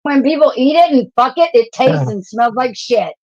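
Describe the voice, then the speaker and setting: Brash, crude woman caller, higher voice, dull lo-fi call line. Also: lively intonation, moderate pace, darkish tone, no room sound. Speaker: guest caller on livestream.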